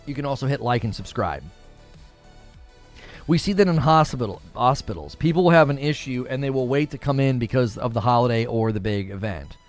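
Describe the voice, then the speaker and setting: A man hosting a casual livestream, chatting about news and reading viewer messages in an animated way, laughing often. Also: mid-range voice, brisk, faint music behind. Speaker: livestream host.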